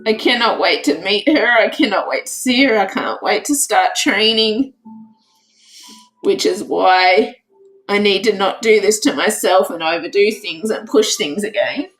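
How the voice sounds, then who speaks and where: Slow-talking, teary woman vlogger. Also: medium pitch, soft background music, low-quality recording. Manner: emotional, repeats herself excitedly. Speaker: crafts channel host. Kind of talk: casual livestream chat.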